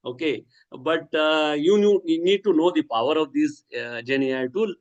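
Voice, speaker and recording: A man's voice: on the high side, moderate pace, lo-fi sound. A man giving an academic lecture, talking in a discursive way with many fillers, restarts and a habitual "okay".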